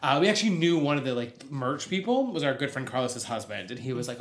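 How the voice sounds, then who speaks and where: Podcast co-host: woman in her thirties, self-mocking storyteller, very lively pitch, recorded in an echoey room. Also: quick pace. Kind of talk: casual chat, storytelling.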